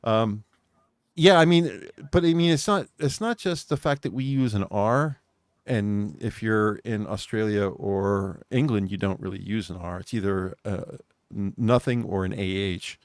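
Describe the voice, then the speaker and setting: A man's voice: on the low side, a little slow, no echo, studio quality. An American man co-hosting a podcast, chatting casually and rambling with restarts. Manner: rambling, repeats himself. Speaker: podcast co-host. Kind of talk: casual chat.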